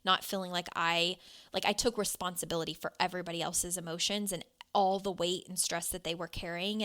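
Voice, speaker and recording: A woman's voice: on the low side, fairly bright tone. Candid young woman telling her story. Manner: candid, confessional, filler-heavy with frequent "like". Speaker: podcast host. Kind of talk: personal storytelling monologue.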